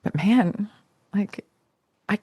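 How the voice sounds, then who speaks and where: A woman's voice: medium pitch, expressive, drawn-out words, darkish tone, husky, no echo. A woman, a podcast guest, telling a personal story in a reflective, searching way, often restarting and trailing off.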